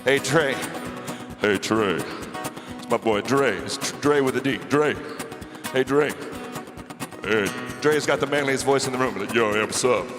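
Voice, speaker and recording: A man's voice: medium pitch, unhurried, pauses often. A man in his forties, a bar singer chatting and telling stories to the crowd between songs, on a stage microphone. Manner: chatty, joking storyteller working the crowd. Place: bar stage with live band. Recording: echoey live bar room with music. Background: band music and guitar.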